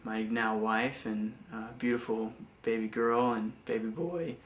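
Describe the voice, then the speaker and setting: A young man giving a personal faith testimony, speaking haltingly with many restarts and repeated words. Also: fairly low pitch, fairly even intonation, reverberant. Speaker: former missionary giving testimony.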